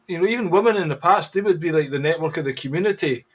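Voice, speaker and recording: A man hosting an interview, talking in a calm, reassuring, conversational way. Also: a little high, fast, husky. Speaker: host. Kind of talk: casual interview chat.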